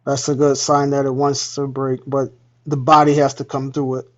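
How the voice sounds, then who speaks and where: A man's voice: mid-range voice, completely flat delivery, moderate pace, fairly bright tone. A man casually explaining trading chart levels as he points them out on screen. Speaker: trading educator. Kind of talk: live screen-share trading walkthrough. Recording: dull lo-fi mic.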